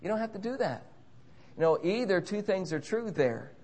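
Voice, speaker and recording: Male preacher, earnest sermon delivery, slows for emphasis, somewhat high voice. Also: expressive, a little mellow. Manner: earnest, repeats key phrases.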